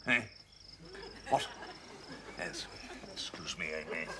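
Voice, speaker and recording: An actor playing a pompous, smug English gentleman with a plummy, affected, superior way of talking. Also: extremely low pitch, animated, takes it slowly, very noisy, exaggerated voice. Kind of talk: 1980s TV sitcom acting.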